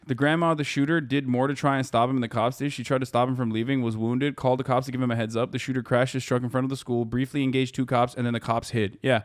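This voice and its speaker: A man's voice: mid-range voice, quick pace, hardly any pauses, fairly bright tone, no room sound, clean studio sound. A man in his thirties streaming political commentary, swearing often and turning heated as he reads news aloud. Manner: profane, heated, voice rising sharply when angry.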